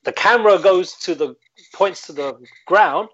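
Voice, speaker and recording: A man with a somewhat high voice co-hosts a casual live stream. He rambles and hesitates with plenty of fillers, and the audio is dry and dull. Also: a little slow, fairly bright tone, breathy edge, no echo. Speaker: co-host.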